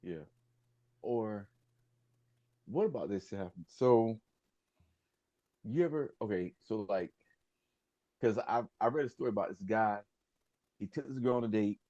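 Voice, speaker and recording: Man co-host, low and mellow with a husky edge, rambling and hesitant, casual banter. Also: a little slow, long pauses, no echo, dull audio. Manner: rambling, hesitant storytelling with many restarts. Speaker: podcast co-host. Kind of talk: casual chat.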